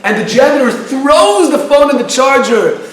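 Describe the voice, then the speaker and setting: A man giving a class, telling a story in an animated way and asking his audience questions. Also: very high voice, moderate pace. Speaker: lecturer. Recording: very echoey room, speaker far from the mic.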